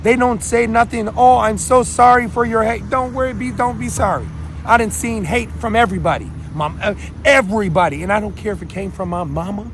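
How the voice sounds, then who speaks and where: A man from Minnesota hosting his own show, ranting to viewers in a rambling, emphatic way that swings between loud and quiet. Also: high voice, a little fast, a little hiss or hum. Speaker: show host. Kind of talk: unscripted rant to viewers.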